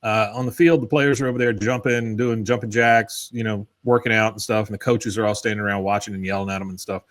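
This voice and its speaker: His fellow co-host, also male, recaps scenes too and chuckles as he reads quoted lines aloud. This one has a fairly low voice with fairly even intonation and a quick pace.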